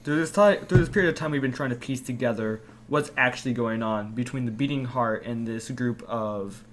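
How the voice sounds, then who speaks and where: A man's voice: mid-range voice, fairly quick, slight background noise. A man playing a tabletop game, explaining things at length in character. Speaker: player. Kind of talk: casual tabletop game chat.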